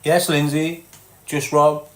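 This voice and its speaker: A man's voice: on the high side, little pitch movement, slow pace, background noise. A man with a Liverpool accent, chatting casually on a livestream, greeting viewers and reading out their comments, blunt and sweary, calling people lad and mate. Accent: Liverpool (Scouse). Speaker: live streamer.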